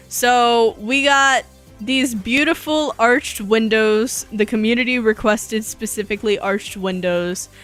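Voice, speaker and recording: Sleepy, slow-talking playful woman streamer. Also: medium pitch, fairly bright tone. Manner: playful, rambling, self-joking. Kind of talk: casual live-stream chat while 3D modeling.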